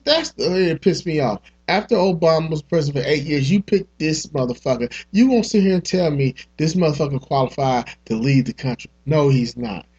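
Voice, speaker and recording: Podcast host, male, angry rant, husky, slightly high voice, muffled lo-fi sound. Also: a little mellow. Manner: heated, profane, repeats himself in bursts. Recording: dull lo-fi podcast audio.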